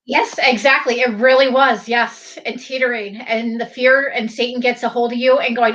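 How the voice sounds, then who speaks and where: A bright, forceful woman speaks in a fairly high voice, earnest and openly devout as she tells her faith story. The sound comes through as dull, lo-fi stream audio. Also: level tone, normal speed, few pauses. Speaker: guest, former teacher. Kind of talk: casual faith testimony chat.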